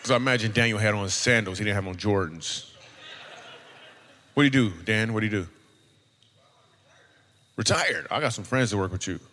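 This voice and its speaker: Teasing comedian working the crowd. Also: male voice, fairly low pitch, moderate pace, pauses often, pushed and bright, long reverb tail, slight background noise. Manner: loose, teasing, conversational. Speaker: stand-up comedian. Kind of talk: stand-up crowd work.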